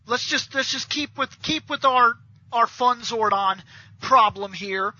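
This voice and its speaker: A man with a very high, sharp voice rants in casual podcast chat, swearing freely and acting out little scenes. His tone is husky, and the audio sounds dull and lo-fi. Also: a little slow, dry recording. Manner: animated, profane, ranting storyteller.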